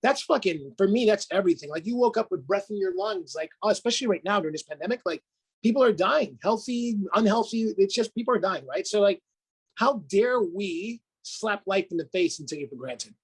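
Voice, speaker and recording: A man talking as a guest on a podcast: an energetic life coach who speaks in a motivational way, swears freely and laughs often. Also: sits high, brisk, slightly rough, rough recording. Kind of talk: casual podcast conversation.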